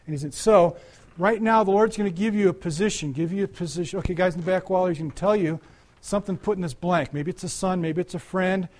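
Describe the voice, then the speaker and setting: A man's voice: high voice, fast, darkish tone. An older man preaching a conversational sermon, talking to the congregation with frequent asides and restarts. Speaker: pastor.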